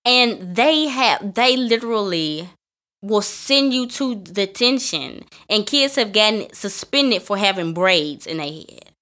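A young woman co-hosting a podcast in casual chat, emphatic and animated, her voice climbing into exclamations. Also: medium pitch, takes it slowly. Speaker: podcast co-host.

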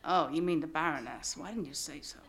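A woman's voice: sits low, a little fast, background noise, voice pushed down, natural voice. A woman voicing a blunt man guarding a club door, who snaps out short questions. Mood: curt. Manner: blunt and curt.

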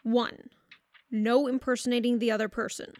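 A woman's voice: fairly high pitch, level tone, moderate pace, darkish tone, dry recording, studio quality, lightly acted. A woman in an audio drama, playing a blunt, commanding woman who sets the rules. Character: bossy woman who can't do accents.

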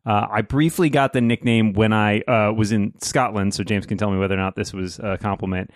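A man's voice: on the low side, fairly even intonation, a little fast, no room sound, clean studio sound. A man chatting on a podcast panel in a joking, easygoing manner. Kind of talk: casual chat.

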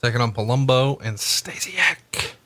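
A man's voice: medium pitch, lively intonation, measured pace, noisy background. A man cohosting a podcast, chatting casually and teasing his partner with wisecracks. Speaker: podcast co-host. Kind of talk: casual chat.

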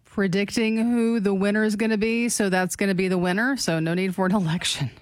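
A woman co-hosting a talk radio show, reading news stories aloud in an even, matter-of-fact way. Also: medium pitch, a little fast, no echo.

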